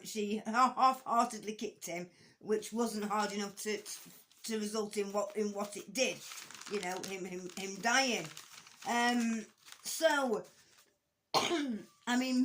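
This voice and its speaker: A woman talks through a court case in an unscripted, conversational commentary. She is blunt and swears casually, and her speech is full of hesitations and restarts. Her pitch sits in the middle. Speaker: true-crime commentator.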